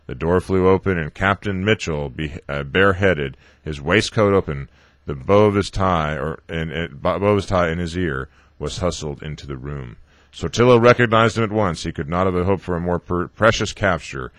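A man reading a novel aloud, haltingly, often stumbling over words and correcting himself. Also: sits low, fairly bright tone, no echo. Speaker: reader.

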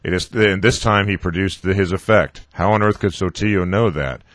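Deep-voiced man reading haltingly. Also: a bit bright, dry recording. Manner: halting, with frequent restarts and filler sounds. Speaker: radio host reading a novel aloud. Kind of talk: audiobook-style reading.

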